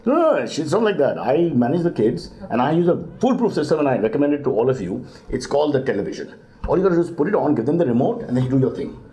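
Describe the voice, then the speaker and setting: Brisk middle-aged comedian guest, deadpan delivery, warm low timbre. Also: male voice. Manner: deadpan comic asides, jumps to high mock voices. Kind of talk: comic chat answering parenting questions.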